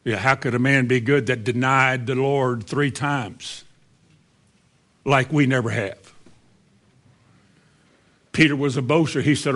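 A man's voice: mid-range voice, steady tone, measured pace, long pauses, fairly bright tone. A man preaching a sermon as a pastor, telling the story in a folksy, conversational way.

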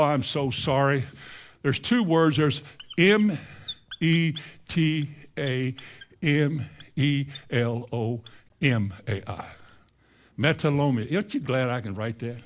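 Guy preaching a sermon, kinda high voice, goes quiet then really fired up. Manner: swings from low, quiet asides to loud impassioned preaching; spells out Greek words letter by letter. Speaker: pastor.

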